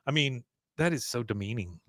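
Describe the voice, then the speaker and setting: A man's voice: medium pitch, lively intonation, moderate pace, a bit bright, dry recording, studio quality. Man recapping a cartoon episode. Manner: retells scenes, acting out character lines. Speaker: podcast co-host. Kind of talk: casual episode recap chat.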